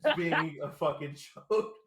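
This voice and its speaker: A man's voice: on the high side, a little slow, echoey room, noisy background. A man playing a tabletop game over a voice call, brash and joking, swearing now and then. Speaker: player. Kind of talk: casual game chat. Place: online voice call.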